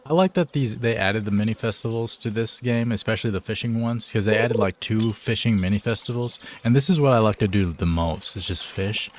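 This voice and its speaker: A man's voice: on the low side, brisk, hardly any pauses, slight background noise. A man chatting casually on a live game stream, laid-back and joking, full of slang.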